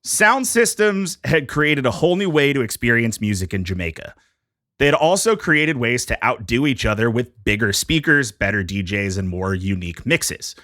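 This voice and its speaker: A man's voice: medium pitch, very animated, normal speed, pushed and bright, dry recording, studio quality. A man hosting a casual podcast, presenting a music history topic from prepared notes in a jokey, conversational way.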